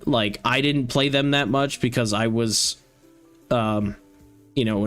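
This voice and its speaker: A young man who streams games, chatting casually and rambling with lots of filler words. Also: mid-range voice. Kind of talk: casual chat while streaming a game.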